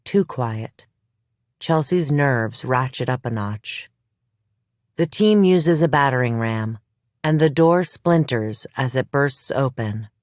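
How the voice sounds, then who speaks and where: A narrator reads a suspense audiobook slowly and evenly, in a measured storytelling voice of middle pitch. The sound is dry and close, with no room echo. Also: lively intonation, a little mellow. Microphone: close studio mic.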